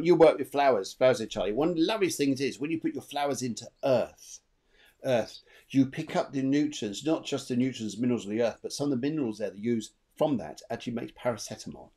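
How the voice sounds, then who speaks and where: A man gives a live psychic reading over a video call. His pitch swings widely, and he rambles warmly and chattily, often repeating his words. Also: fairly quick. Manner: animated, chatty, trails off and repeats himself. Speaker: medium and co-host.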